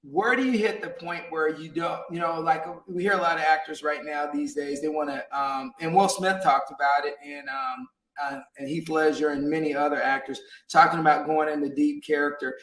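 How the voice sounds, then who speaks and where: A man's voice: fairly high pitch, fairly even intonation, moderate pace, a bit bright. A man hosting an interview show, talking in a rambling, casual way with lots of fillers and frequent laughs. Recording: roomy, distant from mic.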